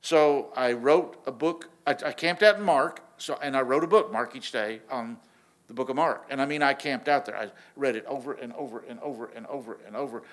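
A man preaching a sermon in a casual, animated storytelling way, often restarting his sentences. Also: medium pitch, fairly quick. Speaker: pastor.

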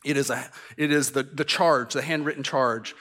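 A man's voice: mid-range voice, steady tone, normal speed, a bit bright. A middle-aged man preaching a sermon as pastor, conversational with self-deprecating asides and stammered restarts. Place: church sanctuary.

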